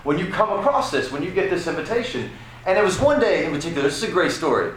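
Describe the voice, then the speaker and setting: A man on a press panel telling an animated anecdote, with lots of restarts and swearing. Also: on the high side, fast. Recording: echoey room, background noise.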